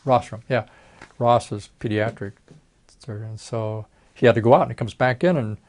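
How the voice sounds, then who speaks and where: A man's voice: medium pitch, steady tone, moderate pace, a little mellow. An older man, a retired plastic surgeon, telling folksy stories in an oral history interview and acting out the voices of people he quotes.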